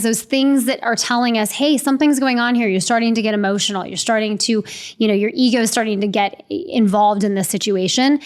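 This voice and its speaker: A middle-aged woman explains leadership habits in a clear, structured, conversational podcast style. Her voice sits a little high for a woman. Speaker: podcast co-host, leadership coach.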